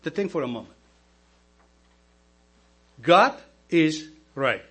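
Male deacon, non-native English speaker, slightly raised pitch, slow emphatic sermon over a mains hum. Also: expressive, fairly bright tone, husky. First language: not English. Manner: slow, emphatic preaching with rhetorical questions to the congregation.

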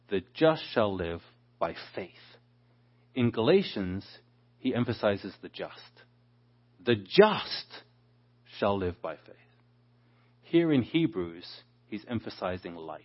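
Male preacher, low husky voice, teaches scripture and voices the quotes, muffled lo-fi recording. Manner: expository, acts out quoted speakers. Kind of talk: Bible teaching. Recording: dull lo-fi sound.

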